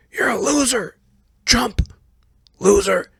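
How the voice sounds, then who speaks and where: A man putting on a very high-pitched, squeaky voice as a rambling old male politician who stammers and repeats himself. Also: very slow, vocal fry, sharp tone, breathy edge, no room sound, full character voice. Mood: insulting. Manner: stammering, repeats greetings and fillers.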